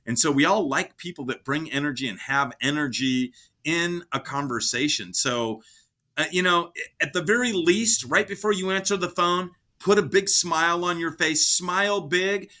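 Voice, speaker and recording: An energetic man co-hosting a relaxed advice talk, keeping his tone upbeat. His voice sits a little high and rings bright and forceful. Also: normal speed. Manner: energetic, upbeat, gives lively examples. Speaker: podcast co-host. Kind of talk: casual advice chat.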